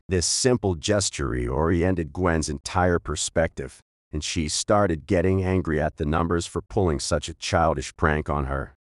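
Deep-voiced male audiobook narrator. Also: measured pace, no echo, clean studio sound.

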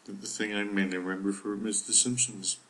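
A man co-hosting a relaxed podcast chat, his voice sitting a little low. He teases his partner and quizzes him with a wry, dry humour. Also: fast talker, rough recording. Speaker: podcast co-host. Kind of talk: casual chat.

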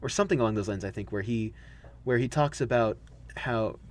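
A man co-hosting a casual podcast chat, animated and laughing often, slipping into playful quoted voices. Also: mid-range voice, fairly quick. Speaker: podcast co-host.

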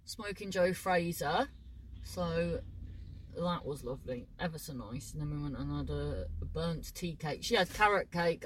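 A woman's voice: sits low, lively intonation, measured pace, breathy edge, rough recording. A woman chatting casually to camera in a rambling, sweary way, often trailing off mid-thought. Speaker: vlogger.

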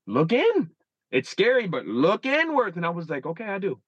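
A man's voice: sits high, wildly swooping pitch, normal speed, fairly bright tone, slightly rough, dry recording, highs cut off. A man in his thirties, a guest in a casual interview, telling stories animatedly and acting out his own inner dialogue. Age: 30s.

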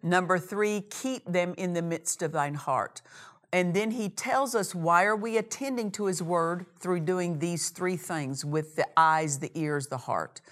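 A woman preaching a sermon, leaning on key phrases and slowing down to read scripture. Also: fairly low pitch, fairly bright tone. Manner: emphatic, repeats key phrases, slows on scripture.

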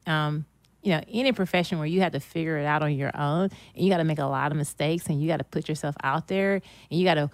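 A woman's voice: deep voice, fast, no echo. A woman guest on a podcast in casual chat, speaking earnestly and motivationally, often repeating her key phrases.

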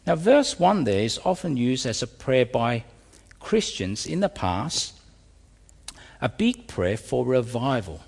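A man delivers a sermon with a lively, swooping delivery, climbing high on pleading lines and sinking low on quiet ones. His voice sits at a middling pitch. The sound carries the long reverb of a large hall. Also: slow pace, gravelly, husky. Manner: expressive preaching, voice rises and drops sharply. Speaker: pastor.

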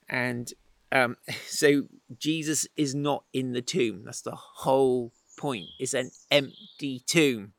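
A man's voice: mid-range voice, vocal fry, fairly bright tone, poor audio. A man teaching from the Bible outdoors in the wind, retelling the story in a chatty, playful way with asides. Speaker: preacher.

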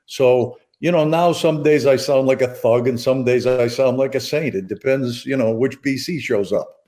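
A man with a faint Maine accent and a polished former-radio delivery. He talks in an easygoing, self-deprecating way at a medium pitch. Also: moderate pace, warm tone. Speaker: guest, charity president. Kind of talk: casual interview.

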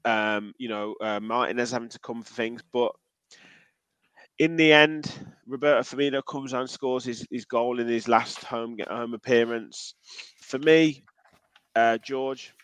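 A man's voice: medium pitch, a little slow, fairly bright tone, clean tone, no echo. A man hosting a football podcast, chatting casually with fillers and reading out listener comments. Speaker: podcast host.

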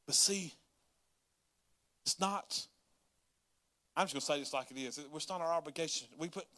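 Bright-voiced preaching man. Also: fairly high pitch, moderate pace. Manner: folksy Southern-style preaching, rising to yelling in acted prayers. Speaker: pastor. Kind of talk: sermon.

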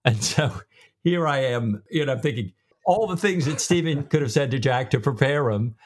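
Animated man chatting about a book. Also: mid-range voice, moderate pace. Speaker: podcast co-host. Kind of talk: casual book discussion.

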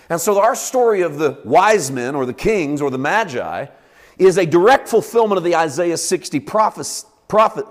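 A man's voice: on the high side, big-room sound. A male pastor preaching a sermon in an emphatic, conversational way.

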